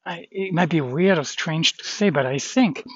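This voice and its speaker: A man's voice: a little high, normal speed, slightly rough, no room sound, highs cut off. A shaken man rambling about a dog fight, swearing under his breath and trailing off. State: shaken, adrenaline-pumped. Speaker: vlogger. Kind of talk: shaken personal vlog after a dog fight.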